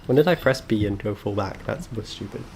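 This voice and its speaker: A man's voice: lowish voice, expressive, brisk, creaky, a little mellow, slightly rough. Sarcastic man chatting while streaming a game. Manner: sarcastic, self-mocking joking. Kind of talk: live gaming stream chat.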